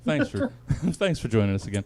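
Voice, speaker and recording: Laughing comedy host with lively pitch. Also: male voice, fairly quick, creaky. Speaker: comedy panel show host. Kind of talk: loose comedic hosting.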